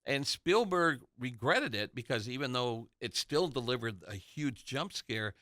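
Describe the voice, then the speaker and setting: A man's voice: medium pitch, lively intonation, a little slow, sharp tone, no echo, clean studio sound. A man on a casual movie podcast, telling film trivia anecdotes with enthusiasm. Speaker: podcast co-host.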